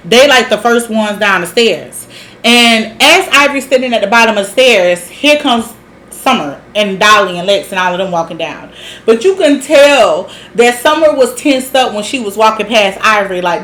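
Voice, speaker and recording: A woman's voice: fairly high pitch, animated, moderate pace, fairly bright tone. A woman recapping a reality TV episode in a sassy, gossipy, profane way, with laughs and side comments. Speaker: reality show recap host.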